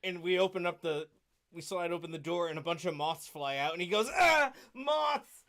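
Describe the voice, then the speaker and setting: A man's voice: a little high, level tone, brisk. A man co-hosting a podcast in casual chat, telling stories in an easygoing way and chuckling often. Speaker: podcast co-host.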